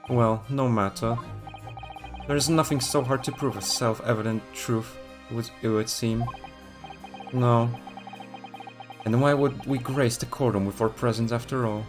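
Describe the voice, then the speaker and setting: A man doing a haughty prosecutor, pompous, slow and theatrical, grand courtroom phrasing, faint music behind. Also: medium pitch, fairly even intonation, close to an everyday voice.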